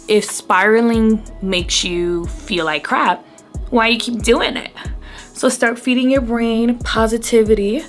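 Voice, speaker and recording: A woman in her thirties talking casually to camera as a beauty vlogger, rambling and getting emotional as she goes. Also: a little high. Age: 30s. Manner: chatty, rambling, easily emotional. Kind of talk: casual chat to camera while doing makeup.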